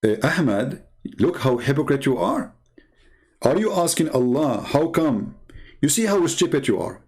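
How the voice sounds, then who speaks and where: A man in a polemical monologue who answers critics in a mocking, combative way and rises to loud, indignant outbursts. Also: mid-range voice, very animated, measured pace. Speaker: religion critic answering viewers.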